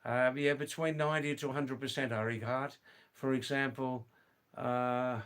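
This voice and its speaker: Middle-aged guy on a livestream, smooth clear voice, reads chat slow and careful, fixes folks' english nicely. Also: medium pitch, steady tone. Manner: slow, deliberate, gently corrects viewers' English. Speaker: livestream host. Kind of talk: casual chat reading viewer comments.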